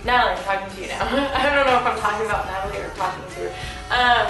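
A woman's voice: medium pitch, rapid-fire. A young woman giving a gushing, giggly birthday message to a friend, with lots of "um" and "like". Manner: gushing, giggly, full of fillers. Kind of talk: casual birthday video message. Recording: very echoey room, far from the mic, music playing.

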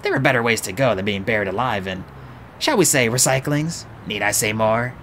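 A man's voice: medium pitch, brisk, fairly bright tone, slight background noise, close to an everyday voice. A man voicing a crude, boastful male dwarf in an audiobook reading.

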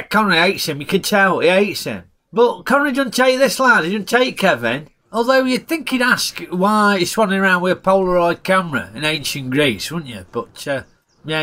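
A man's voice: a little high, sharp tone. A man reviewing a film in a chatty, jokey way, using broad dialect. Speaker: film reviewer, channel host.

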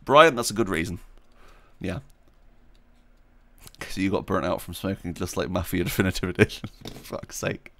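A man's voice: sits low, normal speed, creaky, long pauses, bright, forceful tone, no echo. A man hosting a gaming video, chatting casually and rambling while he plays, laughing often and talking to himself. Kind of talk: casual gameplay commentary.

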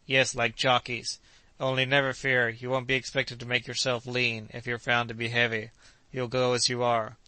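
A cheerful, devoted young manservant, read by a man with a bright, smooth tone. He speaks with eager conviction, close and dry with no room around him. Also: mid-range voice, completely flat delivery, moderate pace, dry recording, lightly acted. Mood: coaxing.

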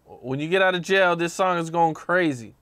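A man's voice: a little high, moderate pace, a bit bright, smooth. A man hosting an interview, asking short plain questions and reacting briefly.

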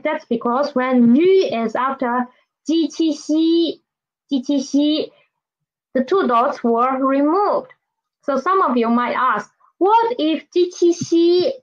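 A woman with a high voice teaches a Mandarin lesson at an unhurried pace. She repeats each sound several times and keeps checking in with her listeners. The recording is a little dull and lo-fi. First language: Filipino. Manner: slow, patient, repeats each sound and asks "right?" and "okay?". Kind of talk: online language lesson.

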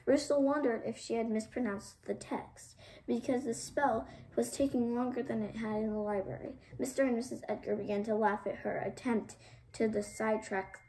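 A woman storyteller reading a novel aloud, expressive, with small slips and restarts. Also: on the high side, moderate pace, rough recording.

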